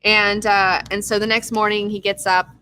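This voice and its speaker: A young woman casually recapping a TV episode, swearing freely, excitable and acting out characters' lines. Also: mid-range voice, normal speed, slight background noise. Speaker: TV recap host.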